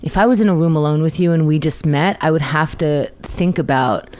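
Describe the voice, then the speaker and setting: A woman's voice: low voice, brisk, darkish tone. A woman who is a podcast guest, asking direct, pointed questions in casual chat.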